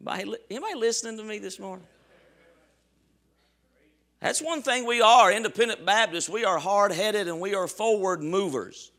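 A male pastor preaching a sermon with passion, swinging from shouts to soft, quiet asides. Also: high voice, normal speed, long pauses. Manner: impassioned preaching with shouts and sudden soft drops.

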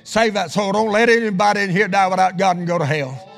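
A middle-aged pastor preaches in a church with a high, gravelly voice. His phrases rise into a half-sung chant and then sink to a hushed prayer. Soft music plays underneath him. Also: fast talker. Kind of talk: sermon. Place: church sanctuary.

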